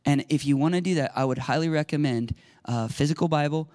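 A man's voice: fairly high pitch, fast, no room sound. Fervent conversational male preacher. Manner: conversational, bursts into loud excited shouting. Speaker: pastor. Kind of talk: sermon.

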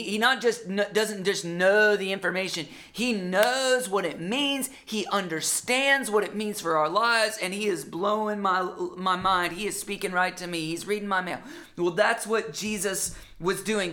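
A pastor preaching a sermon in an animated, conversational way, acting out quotes as he goes. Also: medium pitch.

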